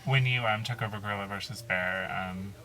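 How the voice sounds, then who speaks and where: Young male college-radio host, relaxed questioner, bright edgy timbre. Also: fairly low pitch, a little fast, rough recording. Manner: laid-back, laughs easily. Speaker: radio show interviewer. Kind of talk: casual interview.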